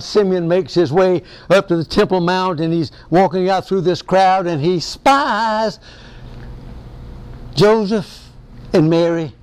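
A man preaching a folksy Bible-study sermon, excitable and often chuckling. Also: high-pitched, clean tone.

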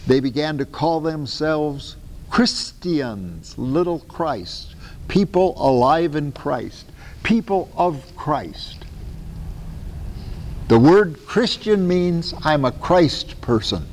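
A man preaching a Bible-teaching sermon, reading verses aloud and breaking in with his own asides, swinging between loud and soft. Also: on the high side, expressive, slow pace, a little hiss or hum. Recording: long reverb of a large hall.

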